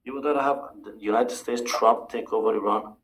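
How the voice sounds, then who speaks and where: A man calls in to a live stream to debate the host. He talks in halting bursts and repeats words, at an ordinary middle pitch. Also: fairly even intonation, fairly bright tone, slight background noise, rough recording. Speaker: guest caller.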